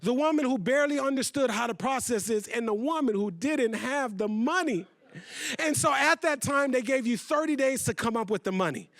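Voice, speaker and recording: A man giving a storytelling keynote talk to a conference audience, building dramatically to loud emphasis. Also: very high voice, animated, normal speed, no room sound. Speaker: motivational speaker. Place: conference hall with live audience.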